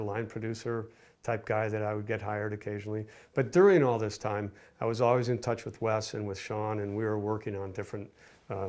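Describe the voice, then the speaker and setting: A man's voice: fairly low pitch, gravelly, a little mellow. An older man, a film director, recalling his career in a rambling interview with many restarts. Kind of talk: casual interview recollection.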